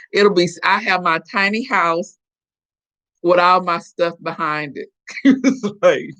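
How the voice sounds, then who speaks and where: A woman's voice: lowish voice, a bit bright. Middle-aged woman from Florida, live-stream host, casual chatty storyteller. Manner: chatty storyteller, acts out quoted voices. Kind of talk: casual chat with viewers.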